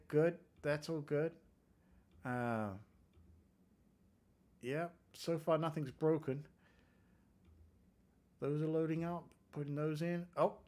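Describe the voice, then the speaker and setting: Speaking slowly in a voice on the high side and pausing often, this man from England runs a casual coding livestream. He chats, reads viewers' comments aloud, and pokes fun at his own code.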